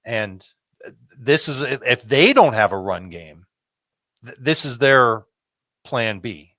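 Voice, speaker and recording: A man breaking down fantasy football picks in casual chat, measured and dryly teasing. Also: mid-range voice, very animated, sharp tone, dry recording.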